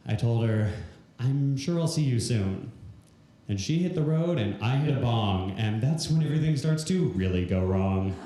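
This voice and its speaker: A man's voice: lowish voice, mellow, slight background noise. A man performing rhyming stand-up comedy on stage, telling a story in rhymed verse. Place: live comedy venue stage. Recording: echoey live venue room.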